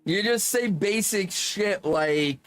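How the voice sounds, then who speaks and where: A man's voice: sits high, slow pace, a bit bright, faint music behind. A man chatting casually while gaming, rambling, joking and swearing freely. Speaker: gaming streamer.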